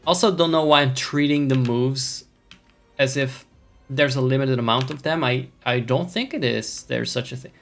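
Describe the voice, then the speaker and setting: A man at medium pitch talks through a game stream, casual and rambling, with a wry, mock-lordly streak and plenty of swearing. Faint game music plays quietly behind him. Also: normal speed. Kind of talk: casual gameplay chat with viewers.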